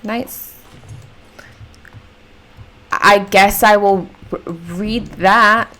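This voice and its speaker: Slow-talking young woman gamer. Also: medium pitch, a bit bright. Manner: rambling, self-mocking. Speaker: let's play host. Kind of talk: casual gameplay commentary.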